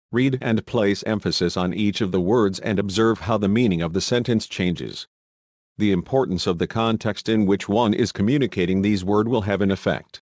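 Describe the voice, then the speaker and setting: A man reading a lesson aloud in a steady, measured way. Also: lowish voice, no echo. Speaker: teacher.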